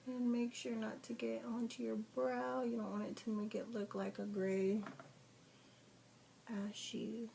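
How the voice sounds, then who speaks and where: A woman's voice: fairly high pitch, little pitch movement, normal speed, vocal fry, hardly any pauses, noisy background. A young woman walking viewers through a makeup tutorial, chatty and casual, giving step-by-step directions with fillers. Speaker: makeup vlogger.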